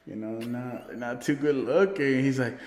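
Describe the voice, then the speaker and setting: A man's voice: mid-range voice, unhurried, a little mellow. A man co-hosting a podcast, telling a rowdy party story with cursing, laughter and quoted voices. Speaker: podcast co-host. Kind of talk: casual storytelling chat. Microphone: podcast microphone. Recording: echoey room with long reverb.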